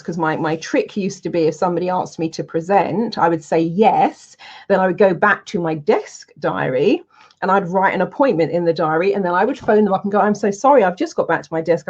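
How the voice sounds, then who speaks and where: A woman, a public speaking coach, telling anecdotes in a casual, animated way and acting out her own lines. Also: fairly low pitch, a little fast. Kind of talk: casual storytelling to camera. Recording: dull lo-fi sound.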